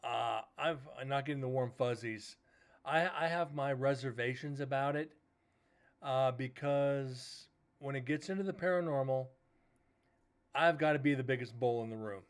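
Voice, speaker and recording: A man's voice: medium pitch, moderate pace, smooth. A man hosting a paranormal livestream, casually telling a rambling story, swearing now and then and retelling conversations as quoted dialogue. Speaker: paranormal show host.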